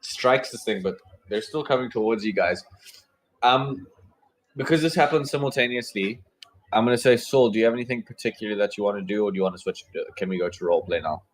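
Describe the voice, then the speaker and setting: A man's voice: fairly low pitch, brisk, low-quality recording. A man running a tabletop game as game master, narrating with many fillers and restarts.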